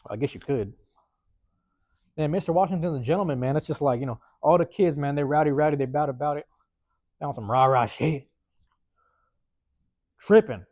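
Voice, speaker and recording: With a fairly high pitch, normal speed and long pauses, this man from the US West Coast hosts a podcast in a loose storytelling monologue. He swears, uses slang, keeps adding "man" and "bruh," and acts out the neighbors he quotes in lively put-on voices. It's a dull, dry, close recording with no echo.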